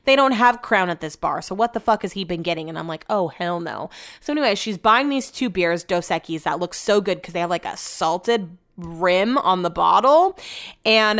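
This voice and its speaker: A woman's voice: fairly low pitch, fairly bright tone. A young woman telling a trip story in a casual, slangy way, swearing freely and quoting people as she goes.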